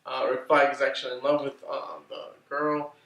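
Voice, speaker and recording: A man casually recapping a film's plot, rambling, swearing often and getting excitable. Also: medium pitch, normal speed, vocal fry. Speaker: movie reviewer. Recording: roomy, distant from the mic.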